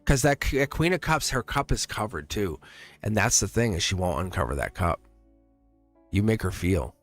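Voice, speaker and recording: A man's voice: on the low side, lively intonation, normal speed, fairly bright tone, soft background music. A man giving a casual live-stream tarot reading. He talks in a chatty, emphatic, reassuring way and laughs often between phrases.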